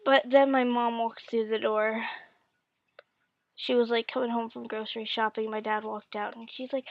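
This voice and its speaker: A young woman tells a personal story in a chatty vlog, saying "like" a lot and acting out what people said. Her voice sits a little high and has a gravelly fry. The sound is dry and slightly muffled, like a basic home mic. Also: little pitch movement, normal speed. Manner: chatty, full of "like", acts out quotes. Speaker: vlogger. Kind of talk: storytelling monologue.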